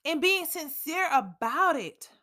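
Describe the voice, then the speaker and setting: A woman's voice: high voice, very animated, slow, bright, forceful tone. A young woman, hosting a casual faith podcast and talking candidly, with dramatic asides to herself. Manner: candid, preachy, with dramatic self-talk asides. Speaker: podcast host.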